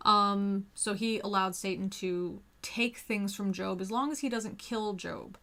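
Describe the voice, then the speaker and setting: A woman's voice: mid-range voice, fairly even intonation, a little slow, few pauses, a bit bright. A woman hosting a casual talk, rambling with many restarts and fillers. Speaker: host. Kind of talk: casual chat.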